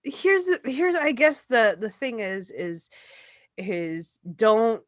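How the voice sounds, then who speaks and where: A woman's voice: fairly high pitch, big pitch swings, slow, no echo, studio quality. A young adult woman co-hosting a podcast, telling a story in casual chat and acting out the quotes with lots of swearing. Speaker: podcast co-host.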